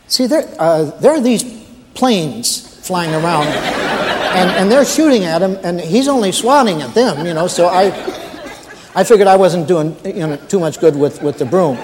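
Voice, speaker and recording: A man's voice: high-pitched, big-room sound, voice pushed up. A man playing a nervous new male night guard who stammers politely on the phone to his boss. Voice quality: stammering, hesitant, overly polite. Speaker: comedian.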